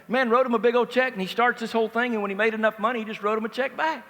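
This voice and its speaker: A man speaking at a conference, a lively storyteller who acts out the dialogue in his stories. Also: very high voice, very fast. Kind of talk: motivational storytelling talk. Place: large indoor conference hall. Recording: long reverb of a large conference hall.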